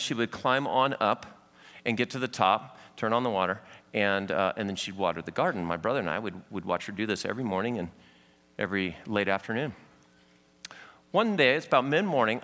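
Man preacher, animated storyteller, bright, echoey hall sound. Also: medium pitch. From Southern California. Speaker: pastor. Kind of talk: sermon.

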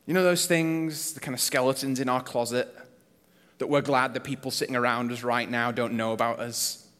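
A man's voice: medium pitch, steady tone, moderate pace, fairly bright tone, clean tone. A man preaching a sermon as a pastor, conversational and earnest, asking the congregation rhetorical questions. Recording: long reverb of a church hall.

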